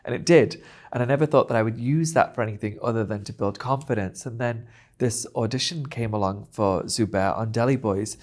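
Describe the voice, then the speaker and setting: A man speaking as a guest in a casual interview, animated and expressive, often breaking into laughter. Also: medium pitch, fairly quick.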